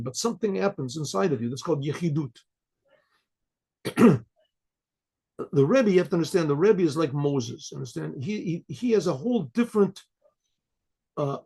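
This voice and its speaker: An older man, a rabbi, telling a story to listeners, often clearing his throat and acting out the voices of the people in it. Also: on the high side, dark tone. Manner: frequent throat clearing, acts out quoted voices. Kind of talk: storytelling talk.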